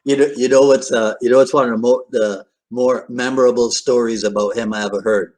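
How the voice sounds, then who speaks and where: A man hosting an interview podcast, asking questions with halting restarts and lots of yeahs. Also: mid-range voice. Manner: animated, halting restarts, frequent backchannel. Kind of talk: casual interview conversation.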